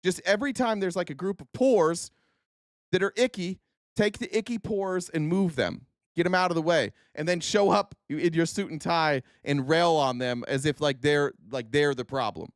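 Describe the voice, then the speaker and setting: A man streaming unscripted political commentary, sarcastic and profane, swinging from low muttering to heated outbursts. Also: moderate pace, no room sound, studio quality.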